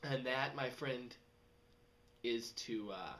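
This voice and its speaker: A young man, rambling casually in a vlog and jumping into high mocking voices. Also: slow. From West Texas. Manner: animated, jumps to high mocking voices when quoting people. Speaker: vlogger.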